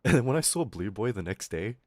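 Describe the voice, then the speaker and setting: A man's voice: on the low side, sing-song, quick pace, darkish tone, no room sound, studio quality. A man streaming live and telling a story in a rambling, profane way, full of fillers. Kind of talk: casual storytelling on a livestream.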